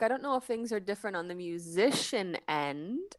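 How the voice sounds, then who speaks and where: A woman guest on a podcast, an animated storyteller with quick asides, chatting casually about her work as a cruise ship dancer. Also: medium pitch, recorded from a distance. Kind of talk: casual podcast interview chat.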